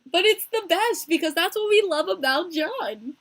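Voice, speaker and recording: A young American woman hosting a casual hockey podcast stream, talking in an animated, chatty way and answering viewers by name. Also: extremely high pitch, moderate pace. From United States. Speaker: podcast host streaming live with chat.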